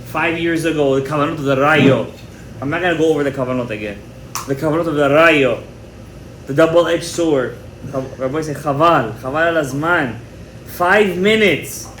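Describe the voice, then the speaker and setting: Man, rabbi, Torah class, emphatic, animated, Hebrew terms, higher voice, roomy echo. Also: a little fast, slight background noise. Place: indoor room with a live audience. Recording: echoey room with faint ambience.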